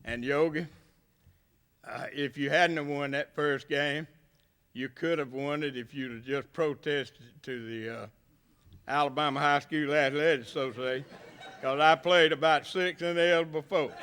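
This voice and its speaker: A man's voice: on the high side, fairly even intonation, measured pace, a bit bright, clear, resonant tone. Folksy older Southern man telling stories. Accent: Southern US, rural Gulf Coast area. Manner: folksy, humorous storytelling. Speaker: hall of fame inductee. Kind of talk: banquet acceptance speech.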